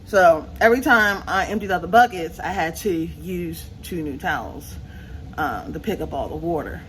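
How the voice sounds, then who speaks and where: A woman's voice: on the low side, moderate pace, slight background noise, low-quality recording. A woman vlogging at home, chatting and laughing with her viewers while sweaty from yard work. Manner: chatty, laughs often, talks to viewers as y'all. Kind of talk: casual chatty vlog. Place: at home, in the backyard and indoors.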